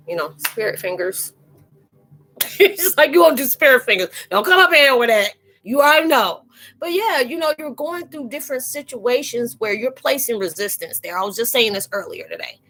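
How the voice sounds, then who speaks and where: A woman hosting a casual live-stream spiritual chat, talking in a slangy, animated way and laughing often. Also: mid-range voice. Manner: chatty and animated, laughing and acting out quoted exchanges; slangy, informal phrasing.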